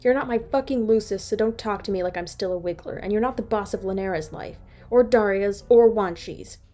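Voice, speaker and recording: A woman's voice: mid-range voice, fairly quick, mellow, natural voice. A woman voicing a bitter, angry young male troll who swears and snarls, in a read-aloud fan story. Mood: angry, scornful. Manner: snarling, swearing, cold laughter.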